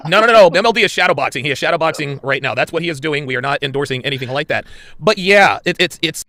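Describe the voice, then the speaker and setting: Man, podcast banter, blunt, emphatic, gravelly, lively pitch, dry close audio. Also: rapid-fire, dry recording.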